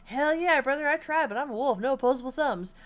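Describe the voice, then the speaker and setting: A woman's voice: high-pitched, fast talker, pitched above the performer's own voice, natural voice. A woman voicing a friendly, simple-minded male wolf at a gym in a video game, reading his lines in a hearty way. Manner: hearty, calls everyone brother.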